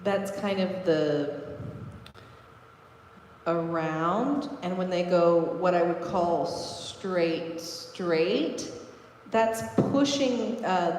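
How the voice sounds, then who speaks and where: Woman, belly dance instructor, rhythmic counting, slightly low voice, booming studio echo, long reverb. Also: a little mellow, slight background noise. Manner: rhythmic counting and cueing moves while demonstrating. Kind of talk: live online dance class instruction. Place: large echoey dance studio.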